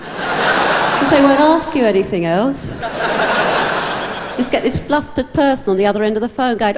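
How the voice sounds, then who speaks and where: A woman's voice: on the high side, fairly quick, noisy background. A woman telling stand-up jokes in a chatty, wry way. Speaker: comedian. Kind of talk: stand-up routine. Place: live comedy stage. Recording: live hall reverb.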